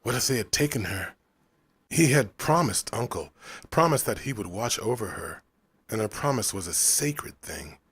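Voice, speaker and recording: With a lowish, slightly rough voice and no echo in the recording, this audiobook narrator reads a novel aloud. His delivery stays measured and even throughout the story.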